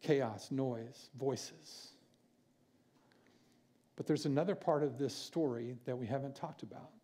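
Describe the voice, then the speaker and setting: A man preaching a sermon in church, earnest and pausing for effect. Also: mid-range voice. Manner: earnest, with dramatic pauses and quieter passages. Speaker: pastor.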